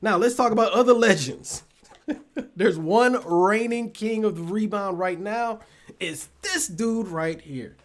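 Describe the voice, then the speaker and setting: A man's voice: high-pitched, slow. A man hosting a relationship talk show, chatting loosely with his live audience. He swears freely, laughs often and trails off mid-thought. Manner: addresses the audience directly. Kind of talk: casual live-stream chat with viewers.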